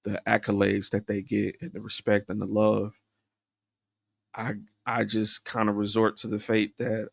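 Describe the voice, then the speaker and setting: A man's voice: fairly low pitch, completely flat delivery, unhurried, gravelly, dry recording. A man hosting a solo podcast, talking candidly and introspectively, rambling with fillers and restarts. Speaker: podcast host.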